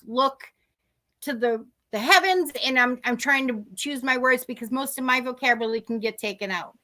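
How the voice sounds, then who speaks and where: A woman's voice: high voice, sharp tone. A woman with a Boston accent, a psychic medium talking on a video call in a rambling, chatty way that keeps breaking off mid-sentence. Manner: rambling, chatty, self-interrupting. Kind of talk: live-streamed chat and readings. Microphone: video call microphone.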